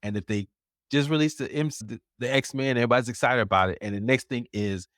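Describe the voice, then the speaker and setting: A man co-hosting a casual pop culture podcast, animated and laughing often. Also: medium pitch, fast talker, no echo, clean studio sound. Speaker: podcast co-host.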